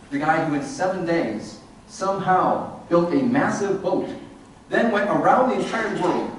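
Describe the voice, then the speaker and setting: A man's voice: a little high, slight background noise. A man giving a humorous, sarcastic lecture to an audience. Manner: sarcastic, animated. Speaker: speaker giving a talk to an audience. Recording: echoey hall, distant mic.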